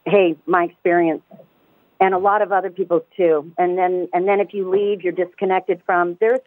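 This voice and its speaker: A woman calling in to a radio talk show, speaking fast and emphatically and often restarting her words. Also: lowish voice, flat delivery, no room sound. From United States. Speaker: caller. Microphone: telephone. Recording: tinny phone line, dry.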